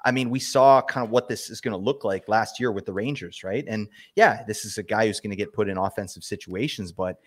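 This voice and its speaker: A man's voice: on the low side, a little fast, hardly any pauses. A man co-hosting a casual podcast, joking and bantering playfully, often stammering as he restarts his sentences. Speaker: podcast co-host.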